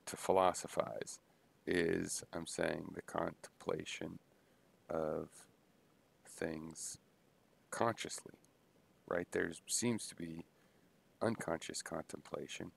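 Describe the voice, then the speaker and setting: A man thinking aloud in a halting, unscripted philosophical monologue, full of pauses and restarts. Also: low-pitched, creaky. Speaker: video blogger musing on philosophy.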